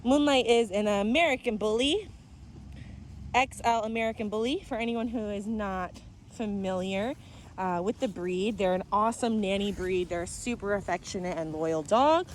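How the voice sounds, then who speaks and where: A woman's voice: mid-range voice, moderate pace, a little hiss or hum. A woman hosting an animal vlog, chatting to viewers in an upbeat way and cooing baby talk at puppies. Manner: upbeat, addresses viewers directly. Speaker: animal channel host. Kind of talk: casual vlog chat.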